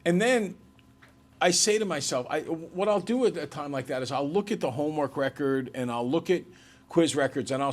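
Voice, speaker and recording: A man's voice: mid-range voice, a little mellow. A man who teaches math, lecturing his class and then working through problems with his students.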